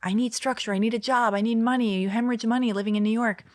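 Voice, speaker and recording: A woman's voice: fairly high pitch, quick pace, no echo, studio quality. A woman in her forties from Los Angeles, telling stories as a podcast guest and acting out the quotes in them. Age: 40s. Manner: animated storyteller who acts out quotes. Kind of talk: casual chat.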